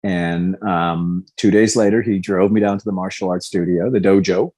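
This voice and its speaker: This former fighter, a man in his fifties, is a guest on a podcast interview, speaking at a normal speed in a low-pitched, darkish voice with fairly even intonation. He tells his story candidly and animatedly, acting out quoted lines.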